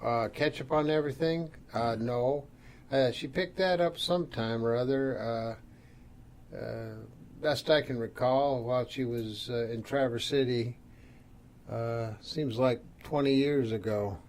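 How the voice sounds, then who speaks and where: A man's voice: mid-range voice, unhurried, a little mellow, a little hiss or hum. An older man, a podcast guest, speaking hesitantly with many fillers and a dry humor. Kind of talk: casual podcast chat.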